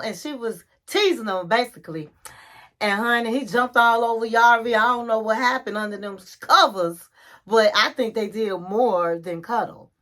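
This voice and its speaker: A woman with a high, bright voice dishes on a reality show episode. She retells it like gossip between friends and keeps calling the listener honey. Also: moderate pace. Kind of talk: casual episode recap.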